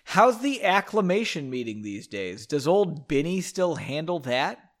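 A man's voice: on the high side, sing-song, measured pace. A man reading as a chatty old mage. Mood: curious. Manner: chatty, concerned. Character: inquisitive elderly male mage.

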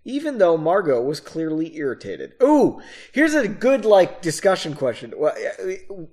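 Lively man reading with self-mocking asides. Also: high voice, measured pace. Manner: casual, self-mocking asides between passages. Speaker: reader of his own novel. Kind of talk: reading a story aloud with off-the-cuff asides.

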